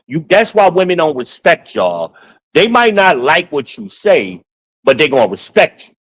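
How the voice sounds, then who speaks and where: A man hosting a podcast, ranting in a casual, profane, animated way while walking around his home with a handheld phone. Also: on the high side, normal speed, breathy edge, rough recording. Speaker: podcast host. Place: at home, moving between rooms.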